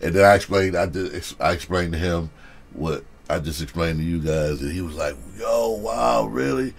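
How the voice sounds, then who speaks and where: A man's voice: deep voice, level tone, moderate pace. A male comedian telling a story in a loose, profane, casual way, often laughing and saying "you know".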